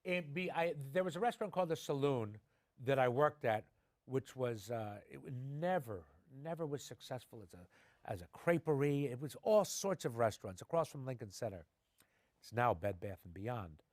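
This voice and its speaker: A middle-aged man, an actor and a guest in a TV studio interview, telling his stories with energy. His voice sits at an ordinary pitch. The sound is dry and close. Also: normal speed, no echo. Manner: animated anecdotes, acting out quoted voices. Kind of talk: conversational storytelling. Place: television studio.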